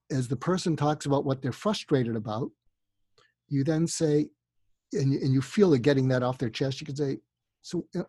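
A man's voice: medium pitch, mellow, husky, dry recording. A man speaking as a therapist guest in a casual podcast conversation, acting out sample dialogues in a livelier voice. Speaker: psychotherapist guest. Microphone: remote call microphone.

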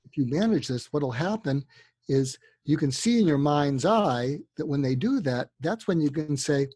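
A man's voice: on the high side, animated, moderate pace, dark tone, breathy edge, dry recording. A man speaking as a therapist guest in a casual podcast conversation, acting out sample dialogues in a livelier voice. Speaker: psychotherapist guest. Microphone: remote call microphone.

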